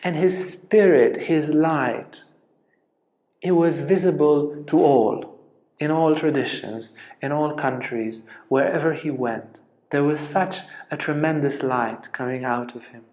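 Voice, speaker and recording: A man giving a spiritual lecture as a teacher, telling stories earnestly and dropping to a soft hush at tender moments. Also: a little high, slow. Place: ashram lecture room. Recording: roomy, echoey lecture room.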